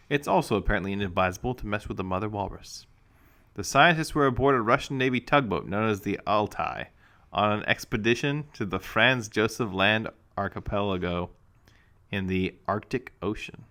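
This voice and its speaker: A man's voice: lowish voice, bright, forceful tone. A man co-hosting a comedy podcast, reading news stories aloud with wry asides. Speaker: podcast co-host.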